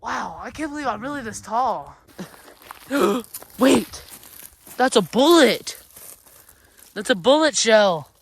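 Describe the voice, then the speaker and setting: A woman on an outdoor adventure vlog, excitable and jokey, often squealing. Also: on the high side, slow, creaky, long pauses, husky. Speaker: vlogger. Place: outdoors in a field.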